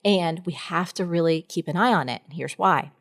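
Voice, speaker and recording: A woman's voice: lowish voice, moderate pace. A middle-aged woman talking as a podcast guest in a candid conversation, earnest and encouraging, speaking in emphatic bursts.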